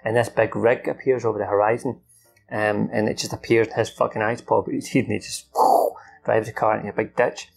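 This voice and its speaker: A man's voice: fairly low pitch, creaky. A young man rambling through a film recap from memory, swearing freely and acting out the characters' lines.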